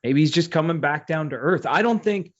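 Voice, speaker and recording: A man's voice: a little high, animated, brisk. A man co-hosting a podcast, reasoning aloud in casual chat and hedging his points. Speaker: podcast co-host. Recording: muffled lo-fi podcast audio.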